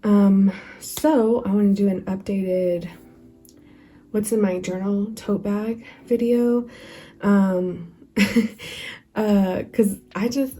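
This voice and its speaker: A woman's voice: mid-range voice, steady tone, drawn-out words, pauses often, mellow. A young woman chatting casually in a home vlog, slightly out of breath, rambling with ums and little laughs. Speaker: journaling vlogger. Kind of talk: casual show-and-tell vlog.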